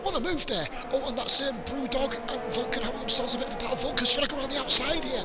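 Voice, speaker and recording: A young man giving live commentary on an online racing league, excitable and sweary, laughing at crashes. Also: very high-pitched, rapid-fire, few pauses, low-quality recording. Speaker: esports race commentator.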